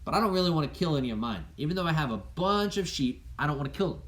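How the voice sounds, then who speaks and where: A man voicing a selfish, stingy rich man who grumbles quickly and grudgingly. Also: a little high, sing-song, fairly bright tone.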